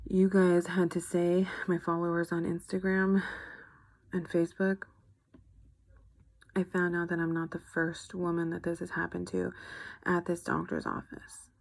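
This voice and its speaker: A woman's voice: on the low side, creaky, darkish tone, dry recording. A young woman giving an earnest, frustrated personal video update to her followers. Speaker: vlogger.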